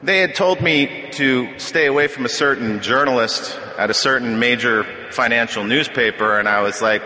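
A middle-aged man sharing his recovery story at a meeting podium, wry and self-deprecating, with halting restarts. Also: medium pitch, pushed and bright. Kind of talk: personal testimony at a podium. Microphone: podium microphone. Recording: echoey hall reverb.

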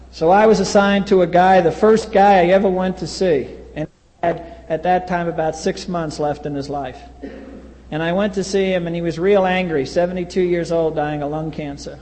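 A man's voice: high-pitched, steady tone, normal speed, darkish tone. A man, telling a blunt, wry personal story at a recovery meeting. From US East Coast. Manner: wry, blunt, acts out quoted voices. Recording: reverberant hall.

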